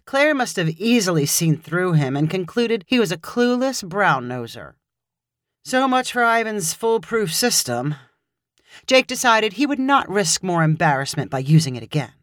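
A woman narrating a short story in a measured, expressive reading voice. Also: fairly low pitch, no room sound, clean studio sound.

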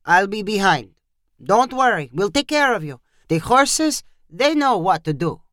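A storyteller voicing a brisk male horse-ride guide who calls out orders to the group. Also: mid-range voice, very animated, dry recording, clean studio sound. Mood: upbeat. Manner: loud, bossy, upbeat. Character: male ranch guide Pancho, brisk and commanding.

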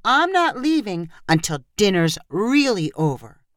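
A woman voicing a remorseful young woman apologizing to her friend, raising her pitch for the part. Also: very animated, unhurried, no echo, clean studio sound. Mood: earnest.

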